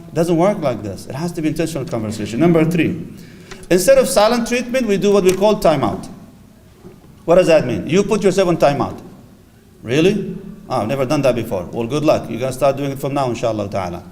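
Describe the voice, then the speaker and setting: Middle-aged male lecturer, lively and playful, acts out little scenes, higher voice, faint hiss behind. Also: a little fast. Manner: animated, acts out little dialogues, Arabic phrases mixed in. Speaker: imam lecturing on marriage. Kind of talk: lively religious lecture to a live audience. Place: lecture hall with audience.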